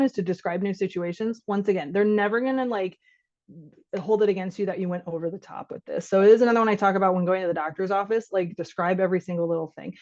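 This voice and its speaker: Woman doctor leading a relaxed caregiver workshop, chatty, mid-pitched voice, slightly muffled audio. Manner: conversational, acts out dialogues. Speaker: physician giving a caregiver workshop. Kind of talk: informal workshop talk.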